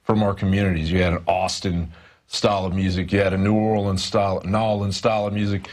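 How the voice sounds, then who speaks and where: Low-voiced hesitant male reporter. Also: flat delivery, fast. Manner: rambling, hesitant, many fillers. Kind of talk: studio news discussion. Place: news studio.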